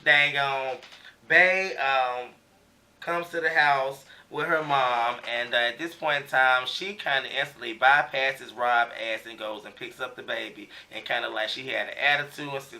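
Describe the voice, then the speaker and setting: A man's voice: medium pitch, a little slow, pushed and bright, recorded from a distance. A man giving a casual recap of a TV episode, talking loosely with slang and lots of fillers. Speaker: TV show recap reviewer.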